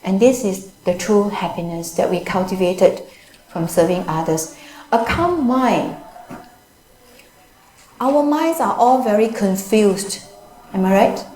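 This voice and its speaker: A Buddhist nun giving a storytelling dharma talk, chatty and loose, leaning on fillers, on a wireless mic in a temple hall. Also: female voice, mid-range voice, takes it slowly, pauses often, warm tone. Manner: chatty, many "you know" fillers, loose grammar. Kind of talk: storytelling sermon. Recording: echoey hall, faint noise, dropping wireless mic.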